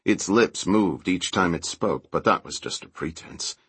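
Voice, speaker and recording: A man voicing a measured, analytical adventurer. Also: low-pitched, lively intonation, a bit bright, slightly rough, no room sound, exaggerated voice. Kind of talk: audiobook character voice.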